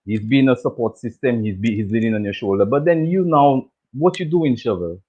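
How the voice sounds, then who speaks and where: A man's voice: medium pitch, expressive, a little fast. A man hosting a casual chat that recaps a TV show, talking loosely, repeating himself and laughing often. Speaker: show host. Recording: tinny phone-like audio.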